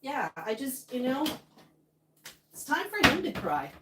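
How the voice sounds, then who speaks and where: A woman's voice: high-pitched, big pitch swings, a little slow, background noise. A woman live-streaming from her home kitchen, greeting viewers by name and talking through her feelings in casual chat. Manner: talks to chat viewers by name, emotional and venting.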